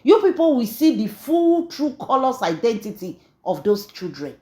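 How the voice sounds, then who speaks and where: A woman's voice: fairly high pitch, big pitch swings, moderate pace, a little mellow, echoey room. A Nigerian woman hosting a gossip channel, talking in a chatty, mocking way as she mixes Pidgin and English in celebrity gossip commentary.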